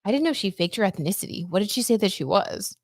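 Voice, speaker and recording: A woman's voice: mid-range voice, expressive, fast, a little mellow, no echo, clean studio sound. A woman hosting a casual tarot livestream, chatting loosely and reading viewer comments aloud. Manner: chatty, reads viewer comments aloud, frequent "like" and "I don't know". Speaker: tarot reader and livestream host.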